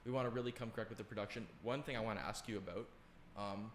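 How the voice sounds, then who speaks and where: A young man co-hosting a podcast, chatting in a relaxed, rambling way with plenty of fillers. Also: lowish voice, rapid-fire, reverberant, a little hiss or hum. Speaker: podcast co-host. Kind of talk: casual chat.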